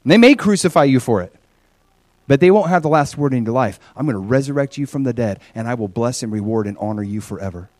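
A man's voice: mid-range voice, lively intonation, fast, a little mellow, dry recording, natural voice. A man voicing a divine male teacher who insists and pleads earnestly. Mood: urging.

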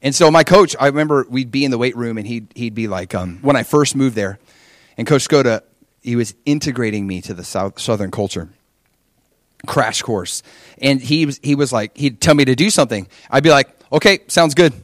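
A man from Hawaii gives his testimony in a sermon, acting out his younger self with lively shifts of voice. He throws in rhetorical questions as he goes. His voice sits at a middling pitch, and the recording is close and dry. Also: brisk, no echo. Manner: animated storytelling with rhetorical questions. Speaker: preacher sharing his testimony.

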